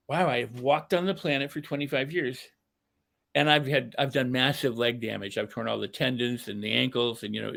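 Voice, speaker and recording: An older man with a mid-range, fairly bright voice appears as a podcast guest, a self-help speaker candidly and earnestly sharing a personal story. He repeats phrases for emphasis.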